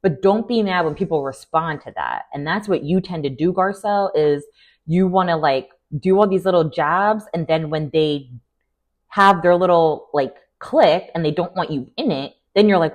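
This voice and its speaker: A woman's voice: lowish voice, expressive, normal speed. A woman giving a casual, sassy recap of a reality show, blunt and opinionated, with fillers and laughter.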